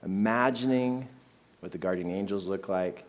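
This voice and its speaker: A middle-aged man giving a talk full of personal stories, animated and often laughing between phrases. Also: low-pitched, moderate pace. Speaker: speaker.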